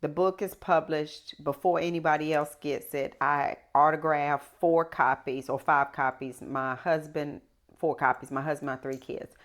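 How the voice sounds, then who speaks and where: Low-voiced woman telling her story. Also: normal speed. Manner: animated, emphatic storyteller. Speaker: podcast guest. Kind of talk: casual conversational storytelling.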